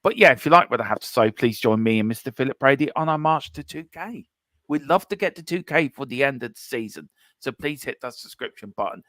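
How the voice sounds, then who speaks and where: A man's voice: medium pitch, fairly quick, no echo. A man appearing as a guest on a live football watchalong, chatting animatedly and joking with the host. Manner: joking, animated, puts on silly voices. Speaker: guest from a fan channel.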